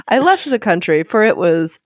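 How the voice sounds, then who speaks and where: A woman's voice: mid-range voice, very animated, moderate pace, dry recording, clean studio sound, lightly acted. A woman reading as a haughty aristocratic general. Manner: reading a quoted story passage aloud. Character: aristocratic male Russian general, haughty hunter.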